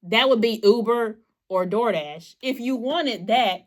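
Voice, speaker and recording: A young woman, pitched a little high, tells a story on a casual podcast. She is animated and acts out each person in it. She talks in a relaxed, chatty way. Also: unhurried. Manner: animated storyteller, acts out callers in raised voices. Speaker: podcast co-host.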